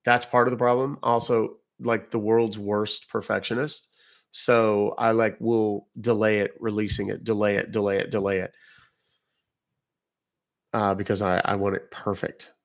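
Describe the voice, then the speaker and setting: A lowish voice with vocal fry, a level tone, and a measured pace comes from a British-accented man from England. He hosts a livestream, chatting loosely with viewers and rambling as he interrupts himself.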